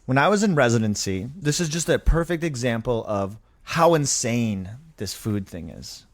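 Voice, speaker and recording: A young adult man, a physician and guest, telling stories in a casual interview with animated, emphatic delivery. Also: mid-range voice, normal speed. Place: medical clinic.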